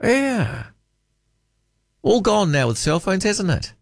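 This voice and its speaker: Talkback host, Kiwi man, lively up-and-down voice, dry close studio sound. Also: high-pitched, slow pace, vocal fry, dry recording. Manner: musing, chatty, reads out listener texts. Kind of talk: casual late-night radio chat. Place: radio studio.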